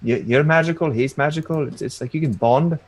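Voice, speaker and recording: A man's voice: fairly high pitch, brisk, husky, voice pushed up. Man playing a blunt, folksy old woman adventurer. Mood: coaxing. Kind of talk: tabletop role-play.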